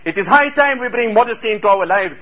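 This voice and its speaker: High-voiced, fast-talking male preacher. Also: expressive, muffled recording. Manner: emphatic, rhetorical exclamations. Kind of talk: sermon storytelling.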